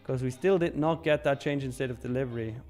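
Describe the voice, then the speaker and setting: A man's voice: medium pitch, fast talker, a little mellow, faint music behind. A young man hosting a live trading stream in casual chat, reading viewer questions aloud and answering them. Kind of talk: casual live market commentary.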